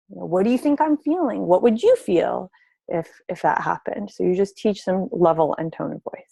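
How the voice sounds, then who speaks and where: A woman therapist leads a parenting webinar in a gentle, explanatory way, now and then acting out what a parent might say to a child. Her voice has a gravelly edge of fry. The sound is close and dry, with no room around it. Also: mid-range voice, no room sound. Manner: gentle, explanatory, acts out example dialogues with children. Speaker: family therapist presenting a webinar. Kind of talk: spoken webinar presentation.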